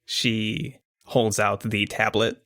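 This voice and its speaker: A man narrating as game master in a tabletop game, relaxed and descriptive. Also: lowish voice, takes it slowly, no echo.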